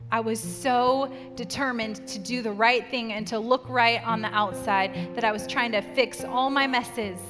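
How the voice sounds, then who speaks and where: A middle-aged woman preaching a sermon and telling a personal story in an earnest way, acting out voices as she quotes them. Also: medium pitch. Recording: long hall reverb with music behind. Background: soft guitar music.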